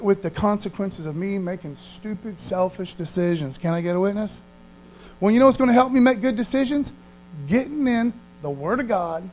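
A man preaching a conversational sermon, reading verses slowly aloud and often checking in with his listeners. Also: high voice, poor audio. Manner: folksy, keeps checking in with the audience; slows down to read verses aloud.

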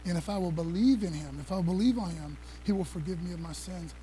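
A male preacher giving an excited, conversational sermon, talking fast with laughs and casual asides. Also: high voice, slight background noise, poor audio. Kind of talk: energetic sermon with slides.

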